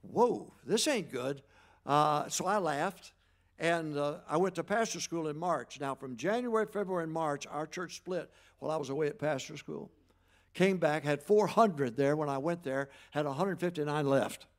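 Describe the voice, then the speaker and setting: An older preacher with a gravelly, fairly high voice. He tells stories quietly and then rises into loud calls to his listeners. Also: normal speed. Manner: folksy preaching, swings from loud exhortation to quiet storytelling. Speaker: pastor. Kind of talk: sermon.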